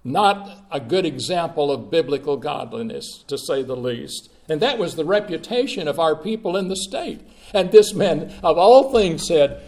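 A man from Mississippi, preaching a sermon with long pauses and swings between soft and loud. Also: fairly high pitch, lively intonation. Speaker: pastor.

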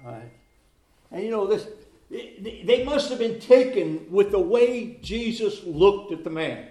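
A pastor preaching a sermon, repeating phrases for emphasis and reading scripture aloud with rising force. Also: male voice, high voice, sing-song, unhurried, mellow. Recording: roomy echo.

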